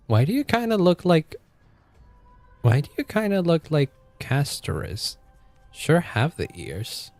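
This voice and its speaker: A man's voice: a little high, huge pitch swings, measured pace, a little mellow. A male streamer casually commenting on a game as he plays and chatting with his viewers. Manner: chatty, reactive, talks to chat. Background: faint game music.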